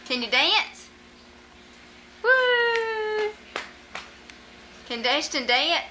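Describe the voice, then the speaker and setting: Bright, coaxing young mother's baby talk. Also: on the high side, unhurried, a little hiss or hum, rough recording. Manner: coaxing, sing-song questions.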